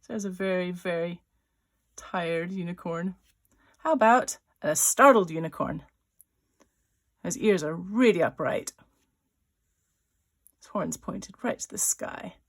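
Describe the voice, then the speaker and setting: Playful woman with a gravelly edge. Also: on the low side, expressive. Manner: chatty and playful, voicing little sound effects; talks while drawing, with pauses and restarts. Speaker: writer-illustrator teaching a drawing workshop. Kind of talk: live drawing lesson, thinking aloud.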